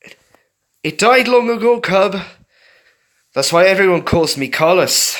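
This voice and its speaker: A man's voice: high voice, animated, a little slow, fairly bright tone, pitched above the performer's own voice. A man voicing an older, rude and mocking male red fox in a read-aloud story, with a bellowing, sneering delivery. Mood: grim. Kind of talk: reading a fan story aloud.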